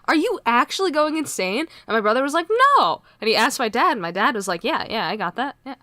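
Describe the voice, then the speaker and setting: A woman's voice: a little high, lively intonation, fast, pushed and bright. A teenage girl co-hosting a podcast, telling rambling stories in casual chat, full of fillers and giggles. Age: teens. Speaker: podcast co-host.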